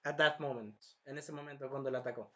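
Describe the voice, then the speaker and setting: A man recapping and reviewing an anime episode in a rambling, self-correcting way, with a sore throat that he keeps clearing, acting out the characters' lines. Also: medium pitch, steady tone, racing, bright, forceful tone, highs cut off. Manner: rambling, jumps around and corrects himself, acts out characters' lines.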